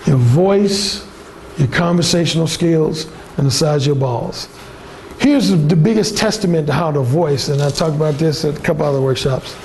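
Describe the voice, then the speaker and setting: A high-voiced man speaks to a seminar audience, his tone blunt and emphatic. His voice has a gravelly, fried edge, and a faint hiss sits underneath. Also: moderate pace, a little mellow. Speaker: workshop speaker. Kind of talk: seminar presentation. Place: conference room.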